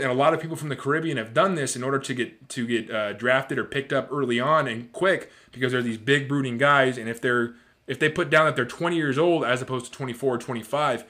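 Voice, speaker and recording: Ranting man podcaster, swearing. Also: mid-range voice. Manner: animated, swearing, frequent fillers. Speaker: podcast host. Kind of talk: casual sports rant.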